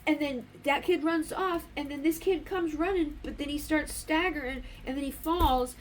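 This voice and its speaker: High pitched lady doing a spiritual card reading, rambly n blunt, swears a lot, faint background hum. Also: normal speed. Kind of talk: casual oracle card reading.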